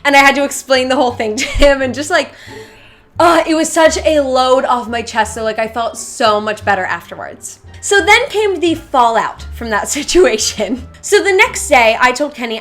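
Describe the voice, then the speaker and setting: A woman's voice: sits high, moderate pace, faint music behind. Chatty young woman telling a story. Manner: chatty, fillers of "like", animated retelling. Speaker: vlogger. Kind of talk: casual storytime. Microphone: seated to camera.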